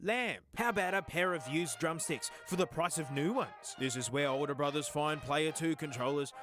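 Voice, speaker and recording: A man's voice: on the high side, normal speed, music in the background. An Australian man giving joking, sarcastic scripted narration as a video host. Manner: wry, joking, sarcastic asides. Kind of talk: scripted comedic voice-over narration.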